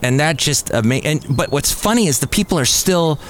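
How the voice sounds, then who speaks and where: A male podcast host in a cafe talks over the week's news casually, telling it like chatty stories. His slightly high voice has lively intonation at a moderate pace, with slight background noise.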